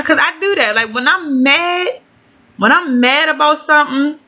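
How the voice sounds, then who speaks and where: A woman's voice: sits high, moderate pace, pushed and bright, lo-fi sound. A woman venting in a casual home vlog, blunt and outspoken, swearing freely. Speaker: vlogger.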